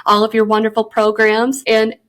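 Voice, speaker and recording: Podcast host: a young woman with a fairly high voice, upbeat and effusive with her guest. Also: completely flat delivery, moderate pace. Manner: enthusiastic, effusive. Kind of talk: interview hosting.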